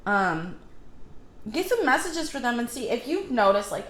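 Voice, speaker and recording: A woman's voice: fairly high pitch, sing-song, normal speed, a bit bright. A woman tarot reader talking casually, rambling with many fillers and self-corrections as she gives spiritual advice. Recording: echoey room with faint ambience.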